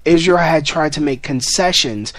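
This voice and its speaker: A man's voice: a little high, moderate pace, a bit bright, no room sound. A man delivering an angry political rant to camera in a profane, sarcastic and emphatic way. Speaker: political vlogger.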